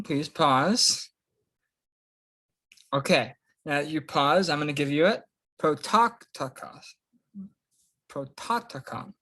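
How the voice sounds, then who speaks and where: A young man talks through a screen-share practice lesson at a slow, unhurried pace. He is casual and easygoing, and he draws out every word he pronounces. His pitch sits mid-range for a man. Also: pushed and bright. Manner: casual, unhurried, drawn-out pronunciation of each word. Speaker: Greek instructor.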